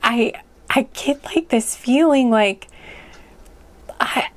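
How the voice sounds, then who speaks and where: A woman's voice: on the high side, slow. A woman giving a casual pick-a-card tarot reading, rambling and hesitant, with many fillers and frequent laughs. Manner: rambling and hesitant, full of likes and ums, laughs often.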